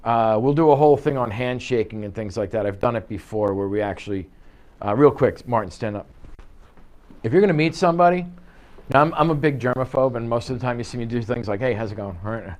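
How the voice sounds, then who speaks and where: A man leading a live sales training session in an office, coaching with energy and acting out quick client exchanges. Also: medium pitch, expressive, darkish tone. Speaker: real estate sales trainer. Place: office meeting room.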